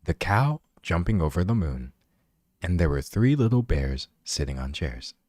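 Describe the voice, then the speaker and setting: Man doing a hushed low storybook narrator, soft bedtime read-aloud, dry close sound. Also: sing-song, moderate pace, no room sound. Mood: soothing.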